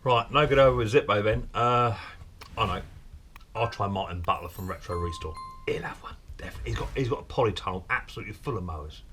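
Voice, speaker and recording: A man's voice: fairly low pitch, fast talker, fairly bright tone, soft background music. A man hosting a comic skit, chatting on the phone with friendly slang and stammering excuses. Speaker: mower repair channel host.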